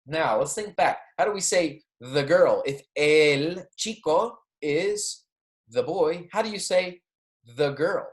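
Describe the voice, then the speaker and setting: A man teaching a Spanish grammar lecture, explaining patiently, checking in often with "okay?" and "right?", and pronouncing the Spanish examples slowly and clearly. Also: a little high, lively intonation. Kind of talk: recorded classroom lecture.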